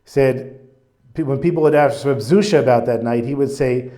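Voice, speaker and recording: Man, mid-pitch, animated Torah teacher telling a story in an echoey room. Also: normal speed. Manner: chatty, animated, with fillers. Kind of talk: casual storytelling lesson. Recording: roomy echo.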